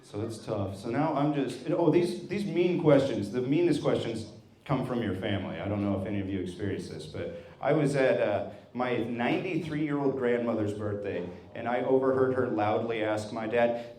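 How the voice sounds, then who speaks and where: A man's voice: medium pitch, normal speed, a little mellow. A man in his thirties doing a stand-up set in a wry, self-deprecating, conversational way. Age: 30s. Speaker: stand-up comedian. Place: brewery venue with a live audience. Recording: echoey room with a crowd.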